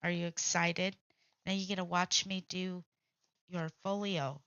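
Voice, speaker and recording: A woman's voice: on the low side, little pitch movement, a little slow, fairly bright tone, clean tone, dry recording. A woman hosting a crafting stream, chatting bluntly with salty language and frequent laughs. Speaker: crafting channel host. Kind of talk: casual craft livestream chat. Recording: dull lo-fi sound.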